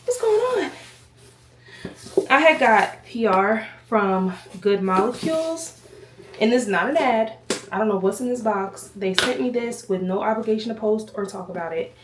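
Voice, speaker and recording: A woman's voice: mid-range voice, moderate pace, background noise. A woman vlogger chatting casually to camera at home, slightly out of breath, rambling and addressing viewers as y'all. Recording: echoey room, voice from a distance.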